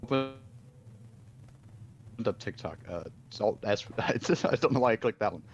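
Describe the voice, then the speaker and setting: Guy player in a tabletop game, lowish voice, unsure, thinking out loud, kinda muffled audio. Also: expressive, a little slow, soft background music. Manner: hesitant, thinking aloud. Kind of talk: casual tabletop game play. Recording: dull lo-fi sound.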